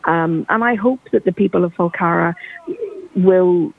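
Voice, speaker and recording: Gravelly Northern Irish woman on a phone line. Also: on the low side, measured pace, no echo. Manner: passionate, emphatic. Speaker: caller. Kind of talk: radio phone-in call.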